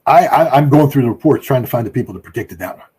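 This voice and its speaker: A man with a husky, slightly breathy voice gives political commentary. He talks emphatically and combatively. His voice jumps up in pitch and loudness to hammer home his points. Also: expressive, fast talker. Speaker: political commentator, former weapons inspector.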